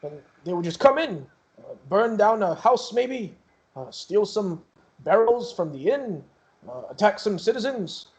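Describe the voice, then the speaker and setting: A man plays a worried village elder in a tabletop game, halting and unsure, pausing often as he asks for help. The voice stays close to his own, a fairly high male voice. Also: big pitch swings, a little mellow, exaggerated voice. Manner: hesitant, many fillers.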